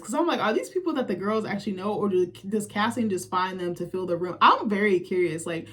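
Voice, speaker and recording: A woman's voice: mid-range voice, expressive, a little fast, hardly any pauses, a bit bright. A young woman casually recapping a reality show, blunt and profane, acting out the quotes she retells.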